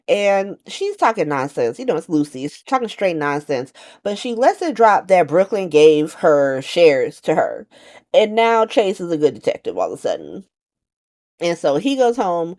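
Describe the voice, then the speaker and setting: A woman casually recapping a soap opera episode, animated and profane, acting out the characters' lines as she goes. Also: medium pitch.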